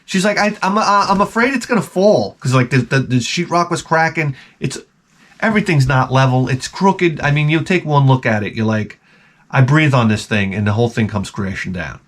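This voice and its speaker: A man who installs closets, telling a profane, animated story in a casual rant and acting out the people in it. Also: mid-range voice, moderate pace.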